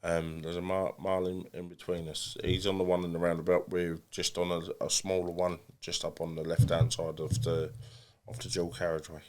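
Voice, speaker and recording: Man, English accent, lowish voice, blunt, self-mocking, stop-start phrasing, podcast guest. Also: flat delivery, brisk, few pauses, darkish tone. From England. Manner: blunt and self-deprecating, with many restarts. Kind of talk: casual podcast interview.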